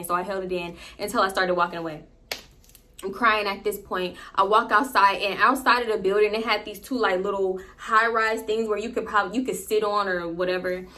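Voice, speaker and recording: A young woman narrating a personal storytime for her viewers, animated and expressive. She swears freely and keeps turning to the audience with "y'all.". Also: medium pitch, brisk. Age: young adult. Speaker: storytime vlogger. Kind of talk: casual storytelling to camera.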